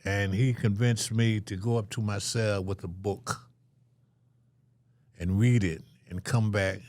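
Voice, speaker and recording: A man's voice: on the low side, fairly even intonation, measured pace, a little mellow, no echo. An older man telling a story as an interview guest, acting out the voices of the people in it.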